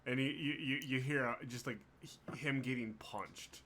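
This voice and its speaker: A man runs a tabletop game in a bright, lively tone. His delivery is loose and chatty, full of little restarts and easy laughter. His pitch sits in the middle range. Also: normal speed, slight background noise. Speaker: game master.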